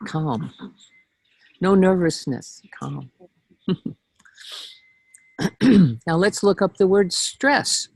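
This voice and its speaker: Woman meeting leader, unhurried relaxed delivery, gravelly edge, casual lecture with asides. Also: low voice, dry recording, poor audio. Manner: frequent throat clearing, chatty asides. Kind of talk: casual teaching talk.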